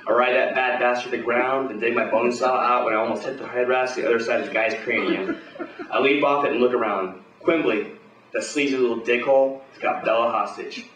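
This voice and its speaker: A man's voice: medium pitch, steady tone, a little fast, fairly bright tone, echoey room, distant mic, a little hiss or hum, rough recording. Swaggering man reading pulp live. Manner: swaggering tough-guy narration, profane. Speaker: performer at an open reading. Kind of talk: hard-boiled pulp story read aloud live.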